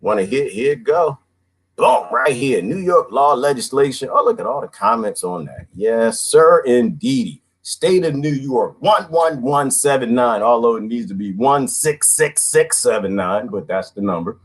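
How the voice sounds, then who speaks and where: Casting: husky middle-aged male livestream host, lively up-and-down delivery, chatty and blunt. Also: medium pitch, moderate pace. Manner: animated, talks to viewers and reads comments aloud. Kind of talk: casual livestream monologue.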